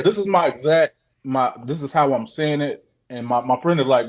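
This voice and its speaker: A man's voice: medium pitch, moderate pace. A man recounts a strange sighting in a loose, casual way. He swears freely, repeats himself, and jumps into the voices of the people in his story. He is heard over a video call. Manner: profane, repetitive, animated retelling. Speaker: guest sharing a sighting.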